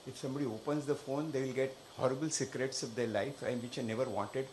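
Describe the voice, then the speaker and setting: A man sharing a personal story at a workshop, halting and hesitant with many fillers and restarts. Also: mid-range voice, fairly even intonation, darkish tone, a little hiss or hum. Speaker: workshop participant. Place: workshop room.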